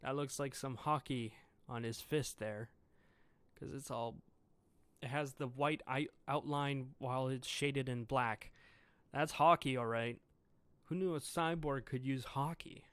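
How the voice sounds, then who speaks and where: A man's voice: mid-range voice, steady tone, a little slow, fairly bright tone, smooth, no room sound. A man giving a casual solo review of a comic chapter, reading lines aloud and commenting with chuckles. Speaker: manga reviewer.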